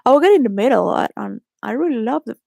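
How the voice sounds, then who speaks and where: Gravelly-voiced woman telling wild stories. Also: fairly high pitch, expressive, racing, darkish tone, dry recording, clean studio sound. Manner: rambling, laughs often, frequent restarts. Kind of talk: candid personal storytelling.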